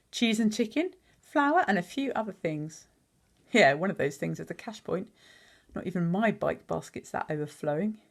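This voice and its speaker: A woman teacher reading a picture book aloud, pausing to chat and quiz the listener on words. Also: mid-range voice, breathy edge. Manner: chatty, asks the listener questions.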